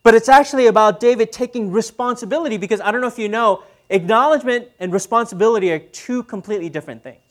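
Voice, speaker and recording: A man's voice: high-pitched, quick pace, few pauses. Conversational male pastor preaching. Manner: conversational, asks the audience questions. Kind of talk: sermon.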